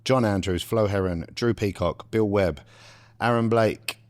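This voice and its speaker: A young man, co-hosting a casual podcast and swearing freely in quick banter. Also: lowish voice. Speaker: podcast co-host.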